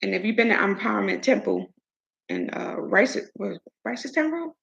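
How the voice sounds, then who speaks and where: A woman hosting her own show, giving an outspoken, animated commentary. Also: medium pitch, normal speed, gravelly, muffled recording. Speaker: show host. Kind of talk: casual commentary monologue.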